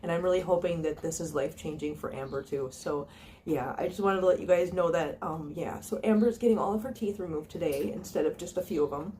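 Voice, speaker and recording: On the low side and warm in tone, this woman's voice moves a little fast, with slight background noise. She's a cat channel vlogger talking casually to viewers on her phone, earnest and chatty with plenty of ums and restarts.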